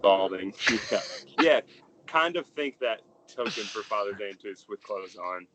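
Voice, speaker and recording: A man's voice: lowish voice, lively intonation, measured pace, a bit bright, slight background noise, low-quality recording. A young adult man narrating a tabletop game as game master, in a casual, rambling way full of fillers.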